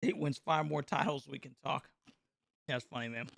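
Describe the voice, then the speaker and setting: A middle-aged man from North Carolina hosting a casual live reaction stream, joking and mocking his chat with excitable banter. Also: medium pitch, moderate pace, vocal fry, no room sound, studio quality.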